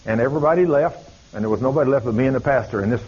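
A man's voice: medium pitch, rapid-fire, a little mellow, husky. A man preaching, telling a story in a folksy, dramatic way. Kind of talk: sermon storytelling. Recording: dull lo-fi recording.

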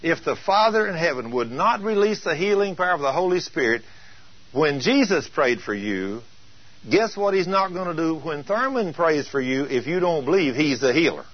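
Brief: male preacher, emphatic sermon delivery, husky voice, dull lo-fi tape. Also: a little high, lively intonation, moderate pace. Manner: emphatic, asks rhetorical questions. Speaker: preacher teaching on healing. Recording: dull lo-fi taped teaching.

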